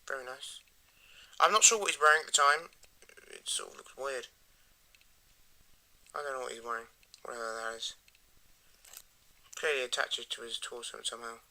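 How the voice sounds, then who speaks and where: A man giving a rambling, enthusiastic casual toy review that often trails off into quiet mumbles. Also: mid-range voice, moderate pace, pauses often.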